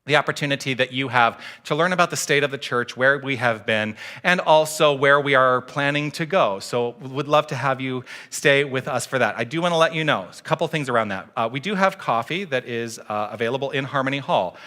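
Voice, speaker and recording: A male minister giving church announcements, relaxed and a little tongue-tied, with frequent fillers. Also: medium pitch, brisk, few pauses. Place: church sanctuary.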